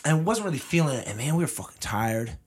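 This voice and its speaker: A man's voice: on the high side, very animated, fast, husky. A man hosting a podcast, chatting loosely and joking, with plenty of swearing. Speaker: podcast host. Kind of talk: casual chat. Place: based in the US.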